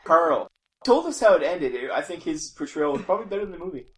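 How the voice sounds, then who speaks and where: A man's voice: on the high side, very animated, fast, fairly bright tone. A man co-hosting a casual movie review podcast, laid-back and teasing. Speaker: podcast co-host.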